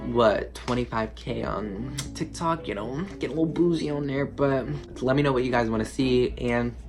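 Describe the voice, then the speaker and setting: A man's voice: mid-range voice, normal speed. A teenage boy telling a casual storytime, rambling with lots of fillers and "like". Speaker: vlogger. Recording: clear music playing under the voice. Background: background music.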